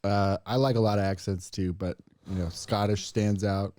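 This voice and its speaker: Playful male podcast co-host, mellow and low, dry sound. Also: steady tone, moderate pace, no echo. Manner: joking, playful. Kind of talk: casual chat.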